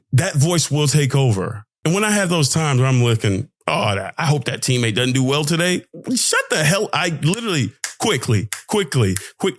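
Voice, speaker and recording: A man's voice: fairly high pitch, no room sound. A young man hosting a podcast, giving an emphatic, preachy motivational monologue full of slang, with his voice swinging up and down. He talks close to the mic. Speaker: podcast host, pro basketball player.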